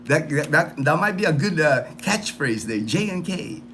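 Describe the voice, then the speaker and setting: A man's voice: a little high, expressive, normal speed, pushed and bright, slight background noise. A man hosting a casual livestream chat, rambling and repeating himself with lots of fillers. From United States. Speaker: livestream host.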